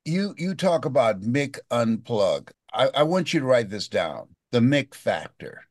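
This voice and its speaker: A man's voice: medium pitch, no echo, clean studio sound. A man in his seventies, a motivational speaker telling a story in an interview, acting out the voices of the people in it. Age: 70s. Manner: dramatic storyteller, acts out quoted voices.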